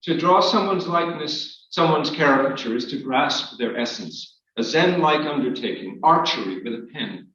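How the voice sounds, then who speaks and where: Male author at a live reading, dry, measured delivery; distant, dull recording with heavy room echo. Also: on the high side, expressive, a bit bright. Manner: measured, wry storytelling. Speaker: author reading his work. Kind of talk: reading a memoir aloud. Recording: echoey hall, distant, dull.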